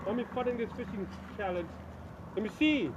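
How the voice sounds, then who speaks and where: A man's voice: sits high, expressive, fairly quick, lo-fi sound, background noise. A man, a father filming a fishing trip, joking and trash-talking with his child in casual banter. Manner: teasing, trash-talking, laughs a lot. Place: outdoors by a creek.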